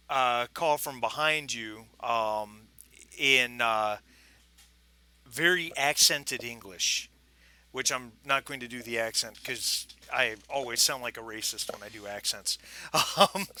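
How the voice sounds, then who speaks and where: A man runs a tabletop game as game master, describing scenes in a loose, chatty way full of fillers and restarts. His voice is very bright at a middle pitch. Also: slow, dry recording. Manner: chatty, frequent fillers and restarts, laughs often.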